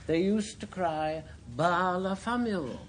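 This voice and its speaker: A man's voice: high-pitched, takes it slowly, slight background noise. A man on a word game panel giving a definition in a genteel, mannered, chuckling way.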